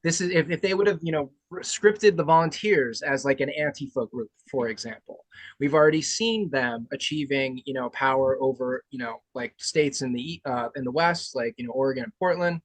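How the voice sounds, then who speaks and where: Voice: mid-range voice, brisk, no echo, low-quality recording. A podcast host in casual political chat who rambles and leans on lots of fillers.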